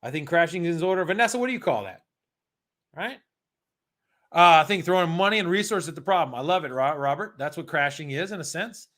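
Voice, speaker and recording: An American man running a live-streamed exam prep lesson, chatty and energetic, reading out practice questions and answering viewers in the chat. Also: fairly high pitch, brisk.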